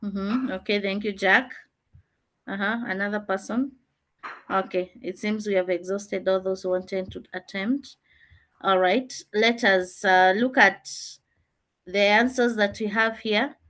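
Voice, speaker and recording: A woman's voice: medium pitch, fairly even intonation, a little slow, a bit bright. Woman teacher running an online class, explains rules and quizzes students. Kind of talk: online revision lesson.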